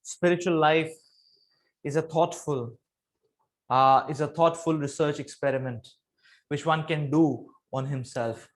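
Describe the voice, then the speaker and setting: A man with a notably high voice delivers a spiritual discourse, moving between teaching and storytelling. He is earnest and repeats phrases to drive points home. His pitch and loudness rise and fall dramatically. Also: fairly even intonation, a little slow, pauses often.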